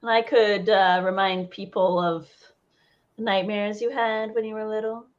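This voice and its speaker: A woman's voice: mid-range voice, fairly even intonation, normal speed, close to an everyday voice. Casting: woman doing a proud pirate captain, taunting and haughty, on a dull lo-fi recording.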